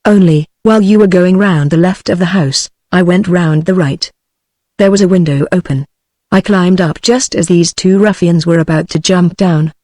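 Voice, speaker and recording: A woman's synthetic voice with a British English accent, reading the lines of a calm, commanding gentleman thief in her usual even narration. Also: fairly low pitch, normal speed, no echo, close to an everyday voice. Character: cool-headed gentleman thief, adult man.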